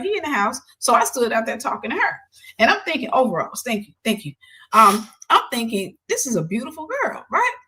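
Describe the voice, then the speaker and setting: A woman host telling a personal story in a casual, animated way, switching into other people's voices when she quotes them and sometimes dropping to a soft near-whisper. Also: fairly high pitch.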